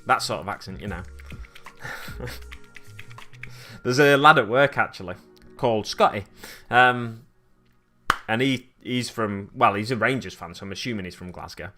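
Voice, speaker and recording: Chatty bright-voiced streamer. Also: male voice, lowish voice, a little slow, pauses often, soft background music. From Oxfordshire, England. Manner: chatty and rambling, laughs often, answers viewer chat. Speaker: hobby streamer. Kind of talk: casual live-stream chat while painting miniatures.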